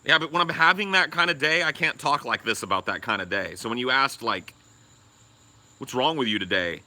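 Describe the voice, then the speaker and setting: A man co-hosting a podcast, talking in a profane, rambling casual way with loud laughs. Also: medium pitch, animated, a little fast. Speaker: podcast co-host. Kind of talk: casual chat.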